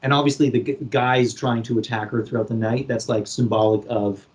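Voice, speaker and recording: Animated man retelling a film plot. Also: medium pitch, brisk. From Canada. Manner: animated retelling with acted-out quotes. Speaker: podcast co-host. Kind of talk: casual chat.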